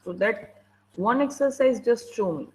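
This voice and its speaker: A woman's voice: on the high side, lively intonation, measured pace, a little mellow, a little hiss or hum, poor audio. A woman teacher with an Indian English accent running an online class over a video call, strict and impatient as she prods students to answer.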